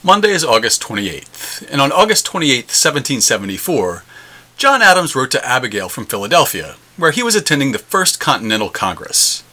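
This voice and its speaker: A man hosting a history segment, reading scripted narration in an expressive, emphatic way. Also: mid-range voice, a little fast.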